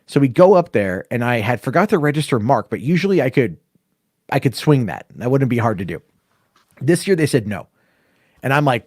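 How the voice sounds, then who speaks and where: A man's voice: medium pitch, fairly quick, no room sound, studio quality. A man hosting a casual podcast, telling a long story with plenty of swearing and acting out the other people's lines. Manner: profane, animated storyteller acting out dialogue. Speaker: podcast host.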